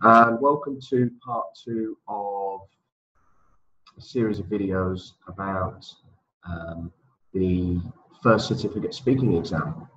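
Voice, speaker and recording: A man's voice: sits low, takes it slowly, a bit bright, roomy sound, muffled recording. A man teaching an exam-prep English lesson, patiently drilling words for students to repeat.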